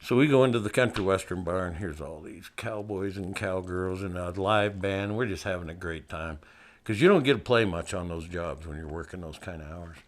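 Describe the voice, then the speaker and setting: A man's voice: deep voice, moderate pace. An older man from Montana telling a personal story in a folksy, wry way, laughing at himself.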